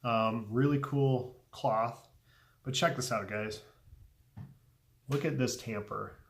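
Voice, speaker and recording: Earnest man unboxing a gift, softly moved. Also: medium pitch, takes it slowly, vocal fry. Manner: earnest, heartfelt, often trailing off softly with ums. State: moved, a little emotional. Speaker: pipe tobacco video host. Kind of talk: casual unboxing vlog.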